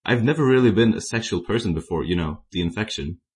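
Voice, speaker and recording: A man's voice: fairly low pitch, animated, quick pace, lightly acted. A man voicing a timid, flustered young male zombie hunter who stammers.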